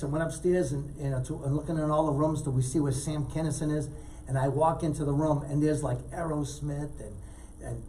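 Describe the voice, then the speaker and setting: A man telling animated stories as a guest in a casual talk show chat, acting out the people he quotes. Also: a little high, distant mic, a little hiss or hum, rough recording. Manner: animated storyteller, acts out quotes loudly. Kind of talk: storytelling chat.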